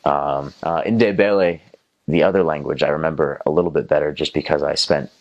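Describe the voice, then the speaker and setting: A man's voice: very deep voice, steady tone, fairly quick, highs cut off. A young man from North Carolina with a Southern American accent, casually telling stories about his time as a missionary, rambling with lots of fillers and restarts and mimicking other people's voices. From North Carolina, USA. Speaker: former missionary. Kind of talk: casual first-person storytelling.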